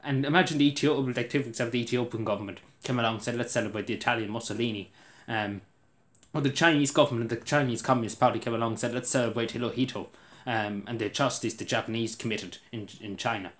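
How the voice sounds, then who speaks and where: A man's voice: medium pitch, fast, fairly bright tone. An Irish man delivering an indignant political rant to camera, repeating himself for emphasis. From Ireland.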